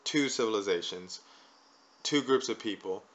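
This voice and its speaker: A man's voice: lowish voice, normal speed. A man hosting a casual talk show, rambling and repeatedly asking "right?" as he makes his points. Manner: rambling, peppers lines with "right?". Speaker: podcast host. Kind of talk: casual conversational chat. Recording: dull lo-fi recording.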